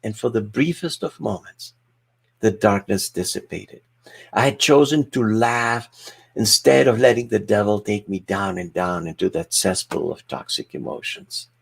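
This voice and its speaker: Gravelly, husky man giving a motivational keynote. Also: fairly low pitch, normal speed. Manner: emphatic, humorous, addresses the audience directly. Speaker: keynote speaker. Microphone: video call.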